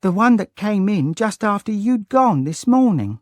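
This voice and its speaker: A man's voice: high-pitched, big pitch swings, a little slow, darkish tone, no room sound, pitched above the performer's own voice. A man reading an audiobook, voicing a timid, polite poor young girl who calls everyone sir, in a raised, meek voice. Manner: meek, respectful, says "sir" often. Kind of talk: audiobook character voice.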